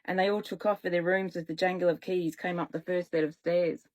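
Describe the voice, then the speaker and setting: A woman and children's author reading her own story aloud in a relaxed way, now and then correcting herself. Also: on the low side, a little fast, rough recording.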